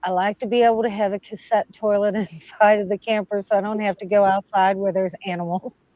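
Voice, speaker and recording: A woman's voice: medium pitch, fairly even intonation, fairly quick, darkish tone, dry recording. Folksy older woman, dull lo-fi sound. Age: over 55. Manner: laughing, folksy, enthusiastic. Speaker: guest, trailer owner. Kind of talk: casual podcast chat.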